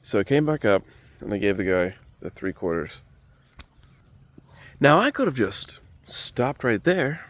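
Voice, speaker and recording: A man's voice: fairly low pitch, sing-song, a little slow, long pauses, fairly bright tone. A man who is a comedian telling a rambling, self-mocking story, with frequent digressions and profanity.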